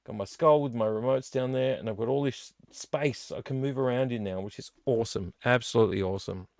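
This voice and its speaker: Brief: middle-aged man, gravelly, rambling live-stream host, dry close sound. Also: mid-range voice, brisk, darkish tone, dry recording. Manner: rambling, chatty, self-deprecating. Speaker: vlog host. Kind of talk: casual live-stream chat. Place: home studio room.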